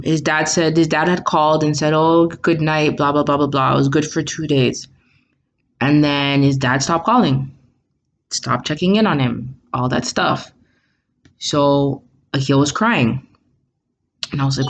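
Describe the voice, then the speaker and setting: A woman's voice: low-pitched, dull audio, slight background noise. A woman telling a candid story in casual conversation, acting out the quotes as she goes. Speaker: mother and podcast co-host.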